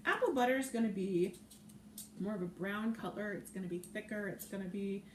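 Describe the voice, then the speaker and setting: Her voice is medium-pitched and a little mellow, moving fairly quickly as she hosts a live cooking stream. Between steps of cooking she chats playfully and reads viewer comments aloud, in an echoey room with faint noise.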